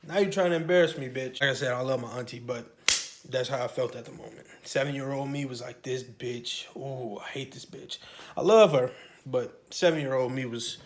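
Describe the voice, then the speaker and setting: A man telling a profane, animated story from his childhood to camera, with sudden loud outbursts. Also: mid-range voice, brisk, a little hiss or hum. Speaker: channel host. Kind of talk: storytime monologue.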